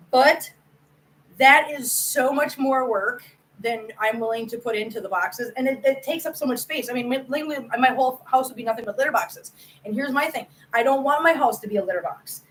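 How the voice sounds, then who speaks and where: A woman's voice: fairly high pitch, fairly bright tone, low-quality recording. A woman hosting a casual livestream, chatting with her viewers by name, laughing often and repeating herself for emphasis. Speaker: host of a cat channel.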